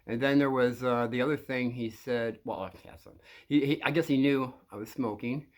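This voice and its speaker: An older man telling rambling stories to viewers, halting and repeating words, often chuckling as he goes. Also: mid-range voice, fairly even intonation. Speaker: channel host telling stories.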